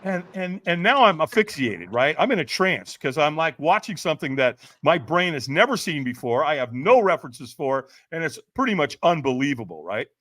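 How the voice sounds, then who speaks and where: A man's voice: on the high side, sing-song, moderate pace, hardly any pauses, fairly bright tone, dry recording. A man, a podcast guest, telling a dramatic story, acting out quotes and often checking in with "right?". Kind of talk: animated storytelling.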